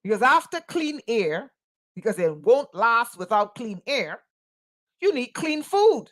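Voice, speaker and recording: Casting: woman, spiritual teacher, slightly high voice, deliberate pace, emphatic and sarcastic. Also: very animated, a bit bright. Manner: emphatic, rhetorical questions, sarcastic asides. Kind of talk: impassioned spoken monologue.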